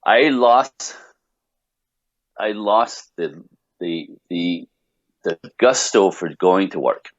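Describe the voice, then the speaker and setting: A man, a podcast guest, telling a long personal story in an animated, rambling way full of restarts. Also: low-pitched, drawn-out words, pauses often, no echo, highs cut off. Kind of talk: casual podcast conversation.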